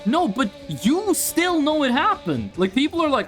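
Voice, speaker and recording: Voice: high voice, very animated, normal speed, few pauses, soft background music. A streamer chatting casually and rambling over gameplay, swearing freely and jumping between topics.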